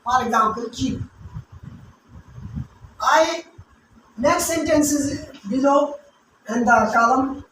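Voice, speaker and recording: A woman teaching English grammar, slowly repeating each word syllable by syllable and sometimes explaining in local languages. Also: high voice. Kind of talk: grammar lesson with pronunciation drills. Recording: very echoey room, voice from far off, faint hiss.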